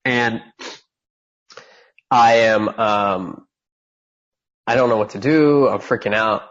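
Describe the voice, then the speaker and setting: A man in his thirties from California, appearing as a podcast guest, speaks slowly in a lowish voice on a lo-fi recording. He's an animated storyteller, acting out the voices of the people in his story with lots of energy.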